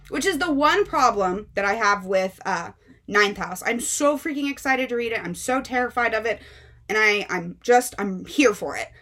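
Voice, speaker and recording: Animated young woman book vlogger. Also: medium pitch. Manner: animated, exasperated retelling with many fillers. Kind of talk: casual storytelling.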